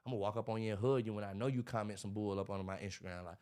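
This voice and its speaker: A man, talking in a casual interview about his life, animated and preachy, acting out what others say. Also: fairly low pitch, rapid-fire, smooth. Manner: animated, preachy storytelling with acted-out quotes. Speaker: podcast guest, motivational speaker.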